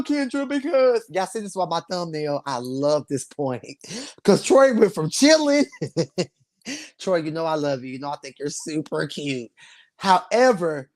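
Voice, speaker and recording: A man hosting a live stream, reviewing a reality show in sassy slang. He talks casually to his viewers and laughs often. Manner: sassy, slangy and animated, swinging between loud bursts and low asides; laughs often while talking.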